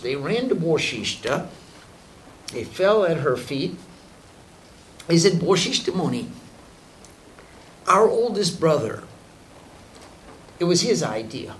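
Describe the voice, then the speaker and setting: A man telling sacred stories to a group in an unhurried way, acting out the characters' lines and chuckling now and then. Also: on the high side, slight background noise, rough recording. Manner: unhurried, voices characters in quotes, chuckles often. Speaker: spiritual teacher telling stories. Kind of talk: storytelling talk to a group.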